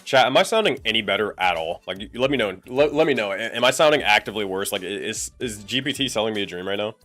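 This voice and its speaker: A man with a fairly low voice talks casually to his stream chat while he fiddles with his microphone settings. He repeats test phrases and sounds more and more annoyed. Soft music plays faintly in the background. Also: expressive, fast. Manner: frustrated, testing his mic with repeated phrases.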